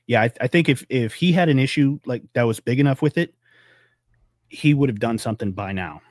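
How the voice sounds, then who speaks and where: A man's voice: brisk, a little mellow, no room sound, clean studio sound. Man in casual, profane podcast talk. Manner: loose, rambling, profane, acts out quotes in a high voice. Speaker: podcast co-host. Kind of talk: casual political chat.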